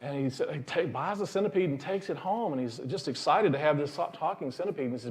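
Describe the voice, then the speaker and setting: A man's voice: fairly high pitch, lively intonation, fast talker, hardly any pauses. A male minister giving a sermon in a folksy storytelling manner, chuckling at his own jokes.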